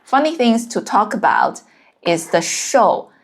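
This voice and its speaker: A woman's voice: mid-range voice, sing-song, unhurried, husky. A woman who speaks natively, giving a language lesson and counting out the strokes of each character one by one. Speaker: Chinese language teacher. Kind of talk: slow step-by-step lesson narration.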